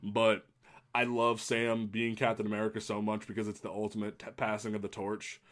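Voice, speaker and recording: A man hosting a casual podcast chat, talking in an excitable, rambling way with lots of restarts. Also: on the low side, fairly quick. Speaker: podcast host.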